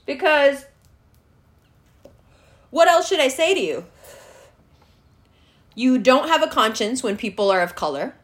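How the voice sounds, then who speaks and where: A woman's voice: high-pitched, sing-song, measured pace, pauses often. A woman hosting a solo podcast, ranting in a heated, sarcastic and profane way. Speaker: podcast host.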